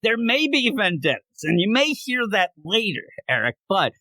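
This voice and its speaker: Lively sick man hosting a podcast. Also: high-pitched, normal speed, no echo. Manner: joking, rambling, teasing. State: sick and short of breath. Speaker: podcast host. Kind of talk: casual comic book podcast chat.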